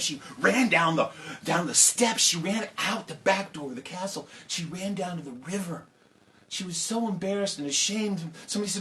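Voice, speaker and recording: A man telling a folk tale to children, lively and conversational with casual asides. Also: high voice, a little fast, low-quality recording. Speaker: storyteller. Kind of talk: oral storytelling for children.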